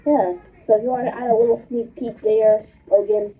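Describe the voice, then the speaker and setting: A woman's voice: a little high, fairly even intonation, normal speed, a little hiss or hum. A woman hosting a casual chat, bubbly and rambling. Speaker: host. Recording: tinny phone-like line.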